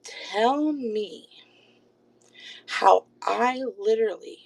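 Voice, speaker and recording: A woman live streaming, confronting someone with rapid, repeated pointed questions while insisting she is calm. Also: medium pitch, vocal fry, husky, low-quality recording. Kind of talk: livestream call-out rant. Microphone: phone.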